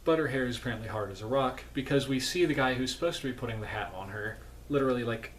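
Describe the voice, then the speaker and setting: A man's voice: medium pitch, fast talker, slight background noise. Sleepy, rambling male vlogger. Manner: rambling, self-correcting, chatty asides. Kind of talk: casual film recap. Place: home.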